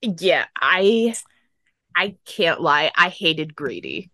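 A woman co-hosting a book podcast in casual chat, blunt and a bit sweary. Her voice swings widely in pitch, and the sound is dry. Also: very animated, slow pace, sharp tone, no room sound. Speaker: podcast co-host.

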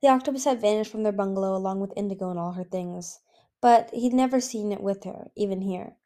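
A woman narrating a fantasy storybook in a steady, even reading voice. She now and then trips over a word and restarts, keeping a homemade feel. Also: medium pitch, fairly quick. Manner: even, occasionally stumbling reading. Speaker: audiobook reader.

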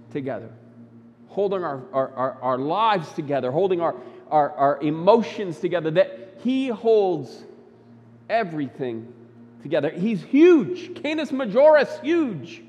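High-voiced preacher man in an echoing church. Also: expressive, a little slow, pauses often, dull audio. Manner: emphatic preaching, swinging between loud high bursts and quiet low lines. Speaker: pastor. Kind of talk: sermon. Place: church sanctuary.

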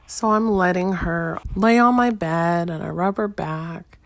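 A woman's voice: on the low side, measured pace, creaky, few pauses, no echo. A woman in her thirties, a stay-at-home mom, telling a casual wry story straight to her listeners.

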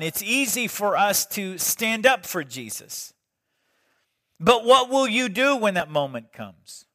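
A middle-aged pastor delivers a sermon like a storyteller. His voice sits high and ringing bright, and he swings from loud emphasis to near-hushed moments. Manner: storytelling preacher, dramatic shifts between loud and hushed.

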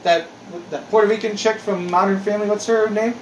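A man's voice: high-pitched, fairly even intonation, a little fast, a little hiss or hum. A man in his forties in casual chat, ranting with lots of swearing and exasperation. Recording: echoey room.

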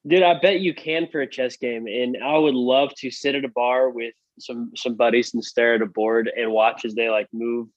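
A man co-hosting a casual podcast, speaking haltingly with many restarts. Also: medium pitch, fairly even intonation, dry recording, highs cut off. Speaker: podcast co-host. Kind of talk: casual chat.

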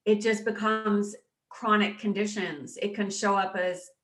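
A woman guest in an interview, speaking haltingly and choked up, with many restarts. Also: mid-range voice, steady tone, a bit bright, echoey room. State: choked up with emotion. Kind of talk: emotional personal interview.

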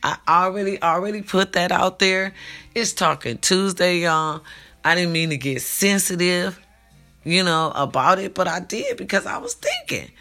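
A woman's voice: fairly low pitch, sing-song, normal speed, pushed and bright, soft background music. A woman talking to her followers in an emphatic late-night monologue, repeating herself and calling out to them, recorded at home. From California. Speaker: vlogger.

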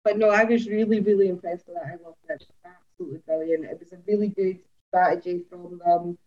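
A woman chatting excitedly on a podcast, gushing and laughing often. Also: fairly low pitch, a little fast, highs cut off. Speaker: podcast co-host. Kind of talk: casual chat about motor racing.

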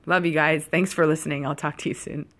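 Low-voiced woman, rambling solo podcaster. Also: fairly even intonation, quick pace, fairly bright tone. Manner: rambling, chatty, talks straight to listeners. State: a little tipsy. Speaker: podcast host. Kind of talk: casual solo podcast chat.

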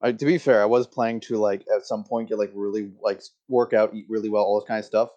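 Low, steady and warm, this young podcast co-host's voice moves at a quick pace. In the casual chat he stumbles through stories with plenty of filler words, captured by a dull lo-fi mic.

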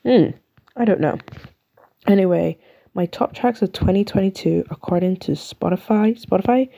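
A woman's voice: on the low side, moderate pace, creaky, warm tone. A young woman from the UK with an English accent, chatting and rambling through her solo podcast in a self-mocking way. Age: young adult. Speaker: podcast host. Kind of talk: casual solo podcast chat.

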